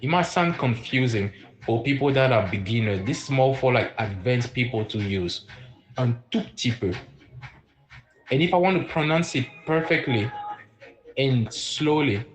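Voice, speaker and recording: A man teaching a live-streamed beginner French lesson, repeating words slowly and chatting with viewers in the comments. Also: mid-range voice, poor audio.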